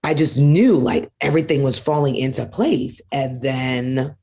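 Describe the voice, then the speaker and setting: A woman being interviewed as a guest on a podcast, telling a story in a casual, animated way and acting out the dialogue she quotes. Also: rumbling low, measured pace, husky. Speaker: guest, arena executive.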